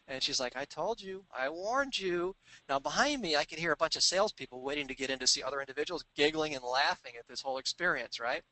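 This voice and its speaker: A man telling a sales anecdote in an animated, conversational way, acting out the people he quotes. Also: mid-range voice, no echo, low-quality recording. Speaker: sales trainer telling a story. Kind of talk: storytelling business talk.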